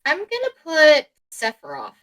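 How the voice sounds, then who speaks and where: A woman's voice: high-pitched, huge pitch swings, moderate pace, a bit bright. A young woman co-hosting a podcast in casual chat, hesitant and joking, with frequent fillers. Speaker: podcast co-host.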